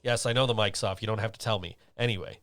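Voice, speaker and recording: A man's voice: on the low side, fairly even intonation, fast, heavy background noise. A man hosting a podcast, telling stories in a rambling, casual way with lots of fillers. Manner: rambling, chatty storytelling with many fillers. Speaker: podcast host. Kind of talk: casual chat.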